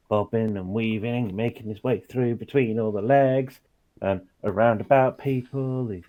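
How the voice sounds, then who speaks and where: A man at a tabletop game talks casually as his character, sometimes halting and repeating himself. His voice comes through a tinny, phone-like line that strips away its fullness. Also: medium pitch. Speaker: player.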